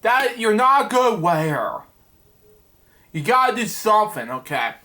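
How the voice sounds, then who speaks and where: A man reads a children's book aloud for a bedtime story show. He keeps stopping for rambling commentary and stitches it back together with "anyway". His voice is high and bright. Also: sing-song, measured pace, long pauses. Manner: rambling asides, repeated "anyway". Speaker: host reading a children's book. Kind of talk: casual storybook reading with commentary.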